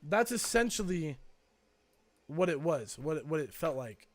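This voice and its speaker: Young guy podcasting, pretty high voice, rambly and thoughtful, lots of likes. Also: sing-song, measured pace. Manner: rambling, heavy on fillers, reflective. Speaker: podcast co-host. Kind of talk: casual chat.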